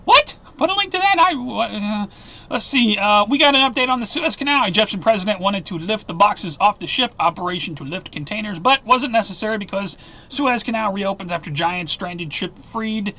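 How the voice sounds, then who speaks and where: Excitable high-voiced man reading news. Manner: sarcastic, excitable, talks fast with fillers. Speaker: news commentary host. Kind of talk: fast conspiracy news roundup.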